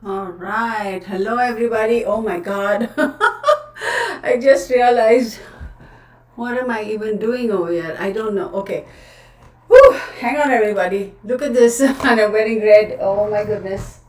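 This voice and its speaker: A woman's voice: mid-range voice, normal speed, a little mellow, a little hiss or hum. A woman hosting a casual livestream, chatty and scattered, often laughing at herself. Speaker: tarot livestream host. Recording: roomy, distant camera audio.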